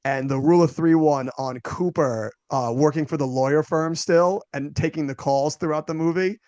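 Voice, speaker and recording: A man's voice: a little high, moderate pace, darkish tone, dry recording, highs cut off. A young man co-hosting a movie podcast, chatting casually and laughing as he retells favorite jokes. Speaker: podcast co-host. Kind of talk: casual movie review chat.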